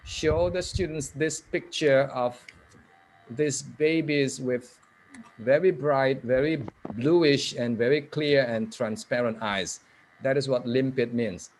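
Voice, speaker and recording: A man's voice: mid-range voice, slow pace, slight background noise. A man giving an online English lesson, coaching participants by name and having them repeat words. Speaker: keynote speaker teaching English pronunciation. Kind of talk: online lecture with audience drills.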